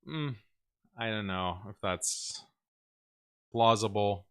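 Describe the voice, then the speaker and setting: A man hosting a casual livestream, reading viewer messages aloud and answering them bluntly, often mocking critics in a sarcastic, higher voice and laughing as he talks. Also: slow, a bit bright, clean tone. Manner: mocking, with sarcastic high-pitched mimicry of critics; blunt, opinionated, laughs while talking. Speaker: show host reading viewer super chats.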